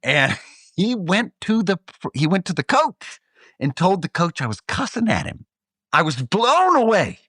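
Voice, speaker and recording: Animated middle-aged man telling stories. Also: high voice, a little slow, dry recording. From Texas. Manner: animated, acts out voices in anecdotes, laughs often. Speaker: podcast co-host. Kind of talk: casual storytelling. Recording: dry close studio mic.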